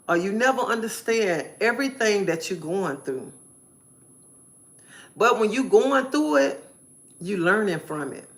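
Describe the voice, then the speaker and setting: A woman's voice: mid-range voice, a bit bright. A woman live streamer giving an emphatic personal testimony, repeating phrases in a preacherly way.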